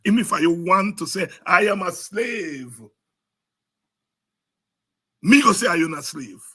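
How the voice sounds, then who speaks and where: Fiery Guyanese man, husky and high. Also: bright, forceful tone. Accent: Guyanese Creole. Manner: fiery, preaching, repetitive, switching into Creole. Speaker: political show host. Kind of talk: impassioned political commentary.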